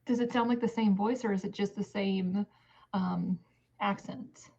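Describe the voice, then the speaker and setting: A woman's voice: medium pitch, fairly even intonation, unhurried, vocal fry, mellow, husky, muffled recording. A woman playing a tabletop game, asking the game master curious questions. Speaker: player.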